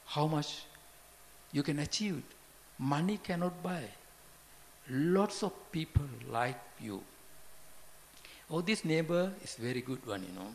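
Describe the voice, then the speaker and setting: A man giving an informal Buddhist talk, halting and repetitive, often asking his listeners questions. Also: on the high side, gravelly, a little mellow. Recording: long hall reverb, faint background noise.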